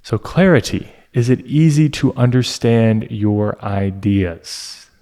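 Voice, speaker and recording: A man tutoring for an English exam, talking unhurriedly and leaving pauses between points. His voice sits at an ordinary middle pitch. He explains each term with a steady, teacherly manner. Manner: slow, deliberate, teacherly with pauses. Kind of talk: explanatory lesson.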